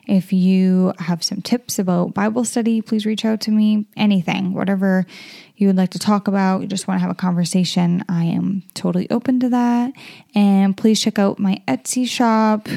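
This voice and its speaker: Brief: woman podcast host, relaxed Bible study read-through, mellow tone with vocal fry, casual explaining. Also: medium pitch. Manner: reads verses then explains them in chatty plain words. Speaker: podcast host reading scripture.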